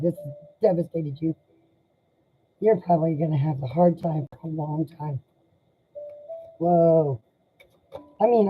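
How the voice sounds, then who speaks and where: A woman doing a live tarot reading, speaking in an emotional, sympathetic and halting way. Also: lowish voice, slightly rough. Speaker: tarot reader. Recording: dull lo-fi sound.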